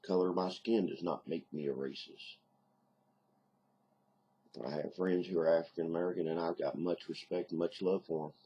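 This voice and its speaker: A married man with a deep Southern accent, talking bluntly and casually to camera in a home video diary, plainspoken with mild cursing. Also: steady tone, normal speed, pauses often, dark tone, slightly rough, muffled recording. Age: adult, married. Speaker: video diarist.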